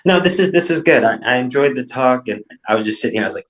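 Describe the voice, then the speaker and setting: A man's voice: medium pitch, expressive, quick pace, fairly bright tone, low-quality recording. A man chatting loosely as a guest, swearing and repeating himself. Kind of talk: casual interview chat.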